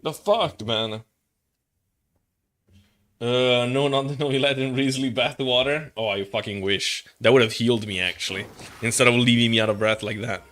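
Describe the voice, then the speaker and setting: A man's voice: mid-range voice, normal speed, a bit bright. A young man streaming a game, chatting casually in a rambling, joking way and swearing freely. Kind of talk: casual livestream chat.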